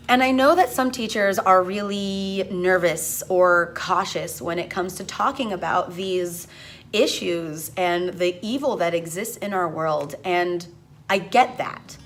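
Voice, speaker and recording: A woman's voice: lowish voice, soft background music. A young woman teacher talking earnestly and with strong feeling in a personal vlog, close to tears at times. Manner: earnest, impassioned, slow-spoken. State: emotional, near tears. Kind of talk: reflective vlog talk.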